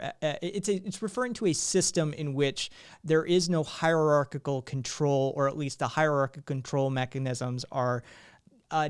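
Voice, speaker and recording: A man's voice: medium pitch, clean tone. A man hosting a live stream, talking in a rambling way with lots of fillers and restarts. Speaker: streamer host.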